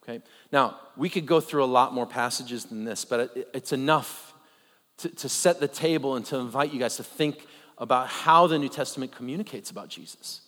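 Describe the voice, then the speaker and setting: A man preaching a conversational sermon, animated, with joking asides and rhetorical questions. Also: mid-range voice, moderate pace. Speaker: pastor. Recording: long reverb of a large hall.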